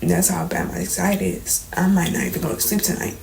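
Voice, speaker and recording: A young woman, speaking softly and shakily in an emotional storytime confession, holding back tears and sometimes dropping to near whispers. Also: fairly low pitch, little pitch movement, fast talker, vocal fry, rough recording. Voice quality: soft, trembling at times, drops to near whispers. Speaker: vlogger. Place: indoors, late at night.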